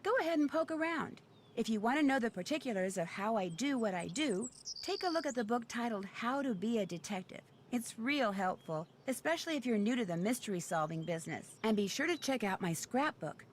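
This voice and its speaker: A woman's voice: a little high, expressive, a little fast, lightly acted. A woman voicing a friendly, chatty young female detective in a 2000s point-and-click game, talking to the player in a confiding tone. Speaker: game character narrator. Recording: faint background noise from game audio.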